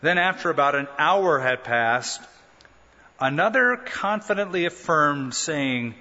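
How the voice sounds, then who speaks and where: A man delivers a sermon in a bright, slightly high voice and animates the quoted lines with rising pitch. The recording carries a long hall echo and sounds a bit muffled. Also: expressive, measured pace. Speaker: pastor.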